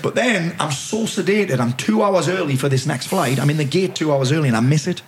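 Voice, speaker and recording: Fast-talking sweary Geordie man. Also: on the high side, expressive, very noisy. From North East England. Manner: sweary, jokey, self-mocking. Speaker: podcast guest. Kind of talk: animated storytelling.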